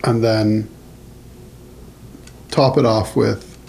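A man's voice: fairly low pitch, very slow, gravelly, slight background noise. A man from northern Canada co-hosting a podcast, chatting loosely and swearing freely. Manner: loose, swearing, lively storytelling. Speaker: podcast co-host. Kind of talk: casual chat.

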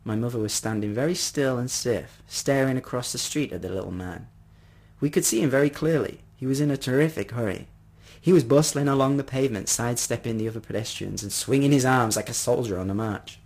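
A man narrating a first-person story in an expressive reading voice. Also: mid-range voice, brisk.

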